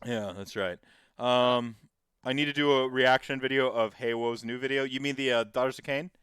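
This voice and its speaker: A man's voice: mid-range voice, fairly even intonation, normal speed, a bit bright, clean tone, no room sound, studio quality. A man hosting a podcast in casual chat, rambling and digressive as he tells stories. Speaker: podcast host.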